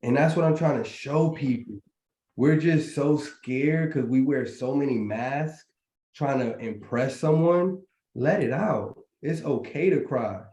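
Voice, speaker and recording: A man's voice: medium pitch, measured pace, warm tone. Motivational man on a roomy call. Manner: preachy, motivational, slangy. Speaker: trading community host. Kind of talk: casual live group chat. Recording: roomy echo.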